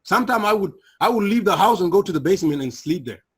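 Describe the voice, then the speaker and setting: Telling his testimony as a guest, a middle-aged man sounds earnest and emotional, his fast speech marked by lively intonation. His voice is a bit high for a man, husky and breathy, and sinks low and quiet over painful memories.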